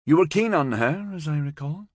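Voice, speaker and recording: A man's voice: a little high, animated, moderate pace, dry recording, studio quality, voice pushed up. A man voicing a firm, prying middle-aged aunt who asks insistent, scolding questions in a raised voice. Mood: probing.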